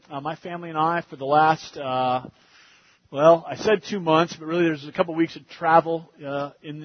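A man preaching, telling a family story in an animated way that gets loud and fast in the funny parts. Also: fairly high pitch, slightly rough, highs cut off. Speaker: pastor. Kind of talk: sermon storytelling.

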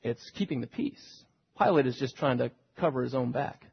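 A man preaching a sermon, retelling a scripture story dramatically and swinging between hushed and loud delivery. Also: mid-range voice, lively intonation, normal speed, gravelly, a little hiss or hum. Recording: dull recording with long hall reverb.

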